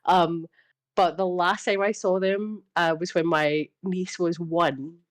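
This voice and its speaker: A woman co-hosting a casual gaming podcast, an animated storyteller who swears freely and laughs often. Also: on the low side, takes it slowly. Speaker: podcast co-host. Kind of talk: casual chat.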